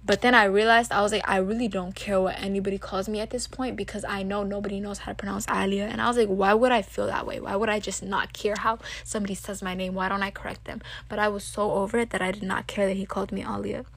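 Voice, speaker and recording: A woman's voice: mid-range voice, flat delivery, fast, vocal fry, hardly any pauses. A young woman in her teens casually telling a rambling personal story to camera, full of "like" and "literally". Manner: chatty, rambling, heavy use of "like" and "literally". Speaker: vlogger.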